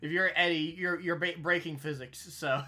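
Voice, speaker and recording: Bright-voiced joking man player. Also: fairly high pitch, steady tone. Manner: joking, laughing, quick. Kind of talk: casual chat.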